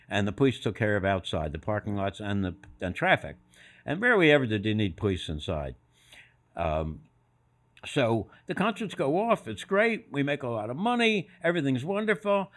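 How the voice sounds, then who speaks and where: A man's voice: medium pitch, big pitch swings, brisk. An older man on a podcast as a guest, telling anecdotes and acting out other people's voices in quotes. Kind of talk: storytelling anecdotes.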